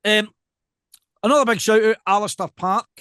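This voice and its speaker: A Scottish man's fairly high voice carries casual podcast banter. He is animated and jokey, and the sound is dry and close to the mic. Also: moderate pace, smooth, no echo. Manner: animated and jokey, tells stories with quoted asides. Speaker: podcast co-host.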